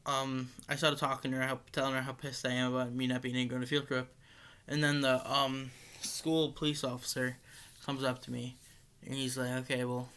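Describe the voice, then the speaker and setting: Teen guy rambling thru a school story, lots of likes, flat bright voice, swears now n then. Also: mid-range voice, clean tone. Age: teens. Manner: rambling, full of likes and restarts; swears casually. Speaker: high school student. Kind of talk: casual storytelling.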